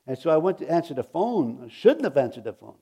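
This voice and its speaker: A man, a pastor, telling a personal testimony in a rambling, halting way, with many restarts and chuckles. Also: on the high side, sing-song, mellow, breathy edge. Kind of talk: testimony storytelling.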